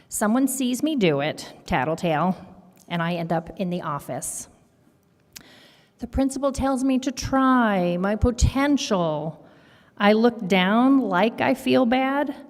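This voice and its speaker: A woman reading a picture book aloud to children at a worship service in an expressive, storytelling manner. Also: mid-range voice. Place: congregation sanctuary. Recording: long hall reverb.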